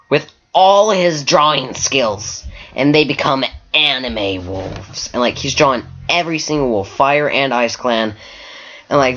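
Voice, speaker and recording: A man's voice: medium pitch, a bit bright, dull audio. A man casually retelling a story from an online game, rambling with lots of "like" fillers and restarts.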